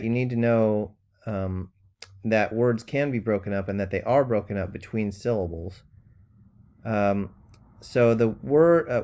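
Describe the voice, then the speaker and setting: A man with a fairly low voice gives a recorded grammar lesson. He speaks patiently and plainly, pausing often with ums as he walks through each example. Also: a little mellow. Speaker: teacher.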